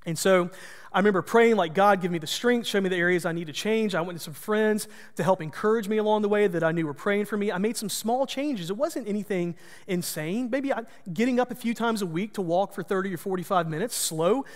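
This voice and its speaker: A man's voice: high-pitched, brisk, long reverb tail. A man, a pastor, telling a personal story in a folksy, self-deprecating sermon.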